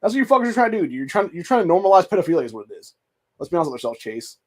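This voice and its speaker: A man's voice: sits high, sing-song, racing. A man hosting a political commentary show, reacting to clips with a profane, contemptuous rant. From United States. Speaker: host.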